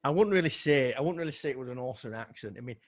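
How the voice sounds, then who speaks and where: A man's voice: mid-range voice, expressive, very fast, a crowd in the background. A middle-aged man from northern England with a Yorkshire accent, reciting his own poems with rhythmic pacing and chatting between them. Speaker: poet. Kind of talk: poetry reading on a video call.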